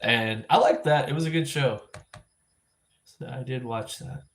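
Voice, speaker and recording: A man hosting a live vlog stream, chatting casually and thinking out loud with lots of restarts and self-corrections. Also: mid-range voice, a little slow. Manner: rambling, thinking aloud with frequent restarts. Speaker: livestream vlog host.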